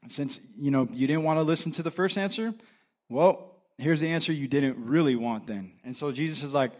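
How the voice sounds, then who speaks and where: A young man, an assistant pastor, preaching a casual sermon, telling the story with animated acted-out dialogue. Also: on the high side, normal speed.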